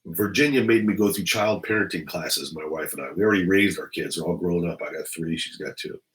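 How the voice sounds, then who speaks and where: A man's voice: low-pitched, brisk, fairly bright tone, poor audio. A middle-aged man, a retired police officer, telling stories in a blunt, profane, rambling monologue.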